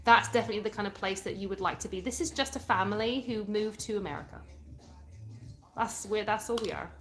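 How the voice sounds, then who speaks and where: A British woman from England in her thirties hosts a casual live stream from home, chatting and answering viewer comments. She speaks fast at a medium pitch with a British English accent, indoors.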